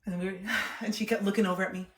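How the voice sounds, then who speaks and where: A young woman streaming, chatting candidly and reflectively, swearing freely and getting animated when she retells things. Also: mid-range voice, rapid-fire. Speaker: livestreamer. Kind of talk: candid casual livestream chat. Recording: roomy echo.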